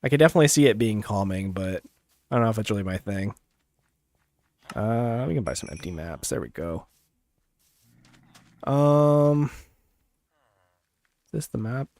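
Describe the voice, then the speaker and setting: A man's voice: fairly low pitch, animated, normal speed, long pauses, a little mellow. A man streaming a game live, chatting casually in a laid-back, chill way and chuckling often. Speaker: gaming streamer. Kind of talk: casual gaming livestream chat.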